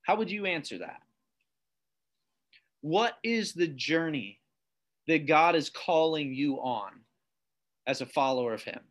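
A man preaching a sermon to viewers, reading scripture aloud, slowing down on key phrases and posing questions to the listener. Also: a little high, lively intonation. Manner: reads scripture aloud, slows down for emphasis, asks the listener questions. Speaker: pastor.

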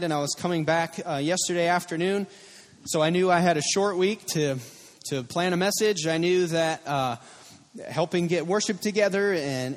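A man in his thirties preaching a sermon as a pastor, telling personal stories in an earnest way and repeating his key phrases. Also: high voice. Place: church sanctuary. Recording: long reverb of a church hall.

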